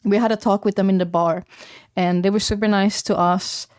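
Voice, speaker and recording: A woman's voice: mid-range voice, steady tone, moderate pace, darkish tone, no room sound. Chatty woman streamer, dry sound. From Sweden. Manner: chatty, rambling, lots of fillers and quoted voices. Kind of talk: casual chat to a live stream audience.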